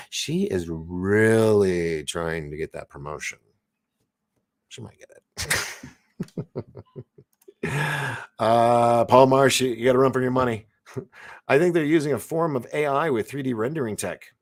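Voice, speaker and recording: An unhurried man with a mid-range voice runs a casual live-stream chat, reading out viewer comments between frequent pauses. His talk meanders, full of self-interruptions, restarts and laughter.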